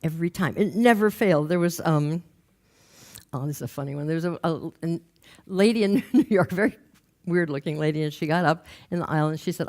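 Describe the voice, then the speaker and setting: A woman giving a talk on stage, telling humorous anecdotes with quick asides. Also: low-pitched, darkish tone. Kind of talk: storytelling motivational talk. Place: lecture stage with slides.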